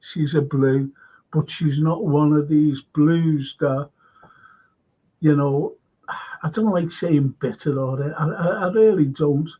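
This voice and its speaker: A man's voice: on the high side, takes it slowly, mellow, husky, dull audio. A man hosting a live stream, chatting and reading viewers' comments aloud with frequent laughs. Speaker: host.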